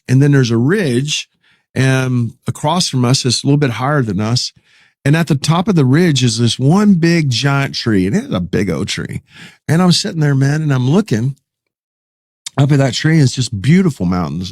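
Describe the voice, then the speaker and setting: A middle-aged man telling a story in a folksy, animated way, acting out what he said at the time. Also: medium pitch, no echo, clean studio sound. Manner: folksy, animated, quotes himself. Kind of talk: casual storytelling.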